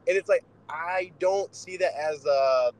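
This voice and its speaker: A young man with a slightly high voice talks in a loose, swearing, no-nonsense way. He co-hosts a casual podcast and tells stories about fighting with blunt energy. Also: measured pace, rough recording. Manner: profane, blunt storytelling. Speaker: podcast co-host, boxer.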